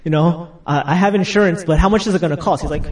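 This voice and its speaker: Young guy preaching, kinda high voice, laughs a lot, mic a bit far off. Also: fast talker. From United States. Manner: chatty, laughing asides, acts out quotes. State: getting over a cold. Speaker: pastor. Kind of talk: casual sermon.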